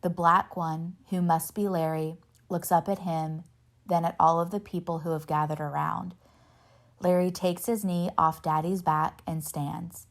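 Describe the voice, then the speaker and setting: Low, gravelly woman reading a novel aloud. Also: measured pace. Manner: steady first-person narration with lightly voiced dialogue. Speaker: reader.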